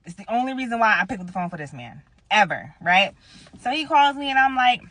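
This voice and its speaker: A woman's voice: fairly high pitch, very animated, fast talker, a bit bright, no room sound. A woman in her thirties telling a personal story in a casual vlog. She talks bluntly and with emphasis, swears freely and speaks straight to her viewers. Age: 30s.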